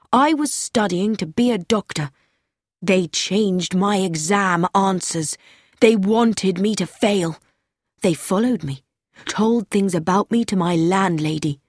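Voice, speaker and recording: A woman's voice: fairly low pitch, takes it slowly, dry recording, studio quality. A woman reading an audiobook, voicing an anxious, self-important young man who speaks earnestly and fearfully about being watched. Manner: earnest, confiding, growing fearful.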